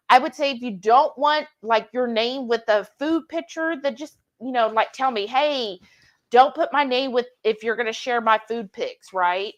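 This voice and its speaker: A woman co-hosting a live cooking stream, greeting viewers by name and reading their comments aloud in an animated way. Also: high voice, dull audio.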